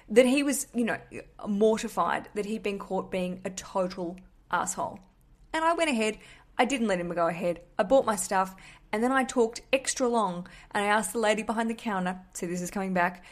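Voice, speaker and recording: A woman's voice: mid-range voice, fairly quick. Chatty Australian woman hosting a podcast. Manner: chatty and candid, swears freely. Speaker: podcast host. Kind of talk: casual storytelling monologue.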